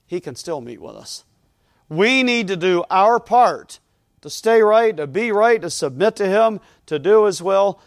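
In church, a man preaches to his congregation as their pastor, voice fairly high and intonation lively, at a moderate pace. His earnest sermon builds emphasis through repeated key phrases, captured in a dry, close recording with little echo.

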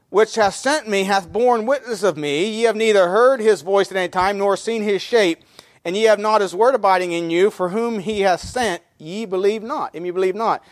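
A pastor preaching a sermon, reading scripture in old English and explaining it in plain talk, with frequent fillers and repeated words. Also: male voice, sits high, no echo, clean studio sound.

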